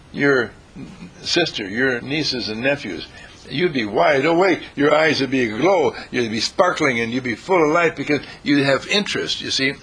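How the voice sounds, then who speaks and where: Gravelly, bright-voiced man lecturing. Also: medium pitch, a little hiss or hum. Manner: lively, asks the audience questions, acts out quotes. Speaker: counselor giving a talk. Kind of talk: motivational lecture to a live audience.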